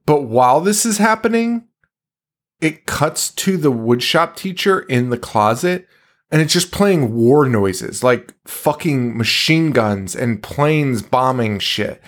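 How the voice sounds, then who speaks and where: A man's voice: mid-range voice, animated, slow pace. Male podcast co-host, casual and profane, exasperated recap delivery. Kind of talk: casual movie recap chat.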